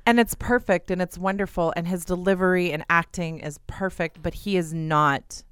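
Woman on a podcast, smooth lowish voice, blunt and sweary, dry close mic. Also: fairly even intonation, moderate pace, a bit bright, dry recording. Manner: blunt, swears, quotes herself in asides. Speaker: podcast guest co-host. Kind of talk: casual chat.

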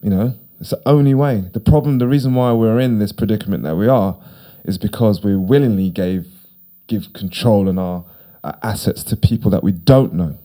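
A man's voice: fairly low pitch, moderate pace, mellow. A middle-aged man, a podcast guest talking casually, rambling and repeating himself with emphasis. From United Kingdom. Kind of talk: casual conversation.

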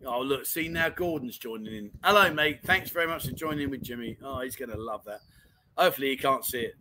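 A man with a medium-pitched voice talks fast, sounding pushed and bright over a rough recording with a little hiss or hum. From his home in Pattaya he hosts a casual livestream chat show, reading out viewer comments in a chatty, matey manner and calling everyone mate.

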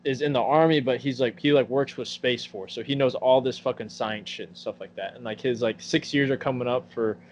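A man's voice: mid-range voice, fairly even intonation, a little fast, few pauses. A man in his twenties chatting on a podcast, blunt and full of swearing as he rants through stories. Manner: blunt, profane ranting storyteller. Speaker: podcast co-host. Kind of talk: casual chat. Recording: muffled recording with faint hum.

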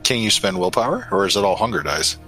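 A man's voice: fairly low pitch, expressive, fast talker, over music, poor audio. A man narrating as game master of a tabletop role-playing game, in loose, filler-heavy speech.

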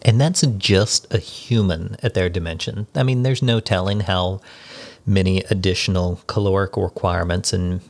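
A man co-hosting a book club podcast in a studio, explaining details in a relaxed, casual way. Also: deep voice, moderate pace, gravelly. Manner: explanatory, relaxed, reads passages aloud. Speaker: podcast co-host.

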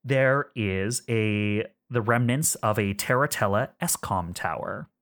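A man's voice: lowish voice, slow, fairly bright tone. A man voicing a smug masked woman intelligence officer who teases and drags out suspense, with hesitant fillers. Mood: teasing.

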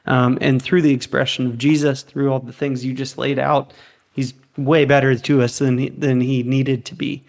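A man's voice: mid-range voice, flat delivery, normal speed, gravelly. Upbeat man on a faith podcast. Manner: enthusiastic, laughs easily, asks questions. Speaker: podcast co-host. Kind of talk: casual faith discussion.

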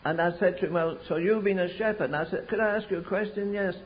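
An older man preaching a sermon, telling stories slowly and rising to fervent pleas. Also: high voice. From England. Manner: storytelling with slow emphatic stretches, rising to fervent pleas. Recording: muffled lo-fi sermon recording.

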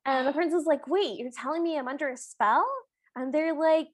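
High-voiced woman recapping a film. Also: moderate pace. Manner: animated, acts out characters' lines while retelling. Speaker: podcast co-host. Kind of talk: casual chat recapping a film.

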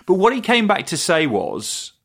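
Man, Yorkshire accent, middle-aged, fairly high voice, very animated pitch, teasing banter. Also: normal speed, vocal fry. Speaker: podcast co-host. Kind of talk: casual chat.

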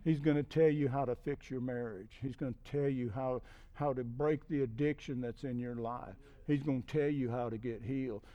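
A middle-aged man preaching a conversational sermon as a guest speaker, often checking in with "okay?" and building to emphatic, loud peaks. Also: medium pitch, steady tone, normal speed, dull audio. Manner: repeats "okay?" to check in with listeners.

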